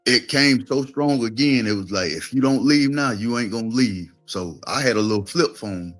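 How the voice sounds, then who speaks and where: Over soft background music, a man with a Southern Georgia accent and a mid-range voice shares his story at normal speed. He keeps it casual and relaxed, voicing the words of other people.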